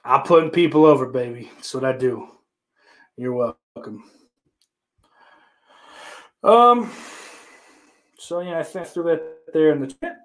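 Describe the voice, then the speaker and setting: A man's voice: a little high, lively intonation, unhurried, pauses often. A man hosting a livestream, chatting casually with his viewers in a rambling, profane, joking way. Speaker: livestream host. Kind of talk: casual chat to a live chat.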